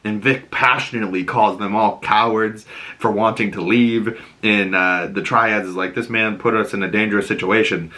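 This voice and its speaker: A man with a Boston accent giving a casual, animated episode recap, acting out the characters' lines. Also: on the low side, normal speed. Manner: animated, acts out characters' lines in raised voices. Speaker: TV show reviewer.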